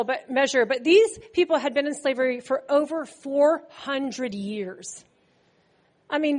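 Animated high-voiced woman preacher. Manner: animated storytelling, acting out quotes with laughs. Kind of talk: sermon.

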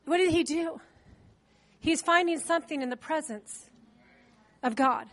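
A woman's voice: high voice, unhurried. A woman preaching a sermon to her congregation in a chatty way, putting questions to them and using many fillers. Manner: conversational, asks the congregation questions; loose with fillers.

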